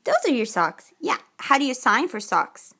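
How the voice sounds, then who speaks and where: A woman coaching her toddler to sign words, speaking slowly and clearly, drawing out each word and offering frequent praise. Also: very animated, pushed and bright. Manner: slow and clear, drawn-out words with frequent high-pitched praise. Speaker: mother teaching her toddler sign language. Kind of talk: slow, sing-song coaching of a toddler.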